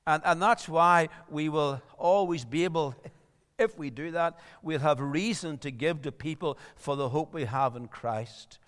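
A man's voice: on the high side, unhurried, a bit bright, long reverb tail. A man preaching a sermon, earnest and rising to emphatic appeals.

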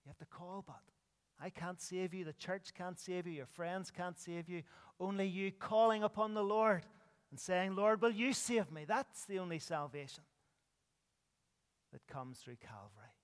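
High-voiced preacher in a reverberant church. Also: male voice, measured pace, smooth. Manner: earnest preaching with sweeping rises and drops. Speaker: pastor. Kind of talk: sermon.

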